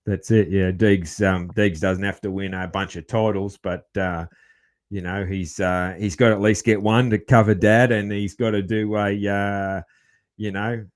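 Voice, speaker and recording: A man's voice: on the low side, flat delivery, a little slow. A man hosting a casual podcast, easygoing and full of fillers like man and mate. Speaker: podcast host.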